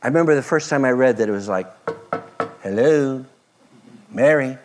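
A man preaching a sermon, expressive, moving between loud emphasis and soft, hushed passages. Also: mid-range voice, very fast, slight background noise. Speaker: pastor.

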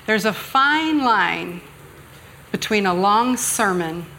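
A woman's voice: medium pitch, lively intonation, slow pace, sharp tone, a little hiss or hum. A middle-aged woman preaching a conversational sermon at church, joking and self-deprecating with the congregation. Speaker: guest speaker preaching at church. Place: church sanctuary.

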